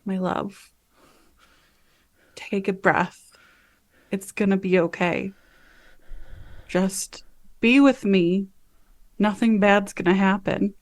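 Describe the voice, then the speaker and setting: A woman voicing a devoted woman who gently calms her frightened lover with soft, earnest reassurance. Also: medium pitch, slow pace, long pauses, no echo, close to an everyday voice. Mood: soothing.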